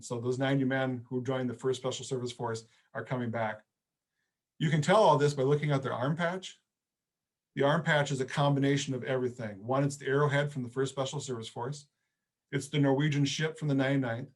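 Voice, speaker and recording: A middle-aged man giving a history lecture, chatty and anecdotal rather than formal. He tells the story casually with loose, spoken phrasing. His voice sits at an average pitch for a man. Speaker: history professor.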